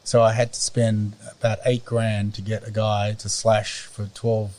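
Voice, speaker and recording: A middle-aged Australian man chatting as a podcast guest, rambling and often pausing to search for words. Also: lowish voice, level tone, a little mellow. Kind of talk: casual conversation.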